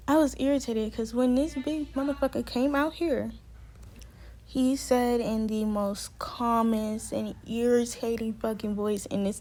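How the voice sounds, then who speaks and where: Young adult woman vlogger, fairly high voice, heated and profane storytelling. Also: warm tone. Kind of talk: storytime vlog.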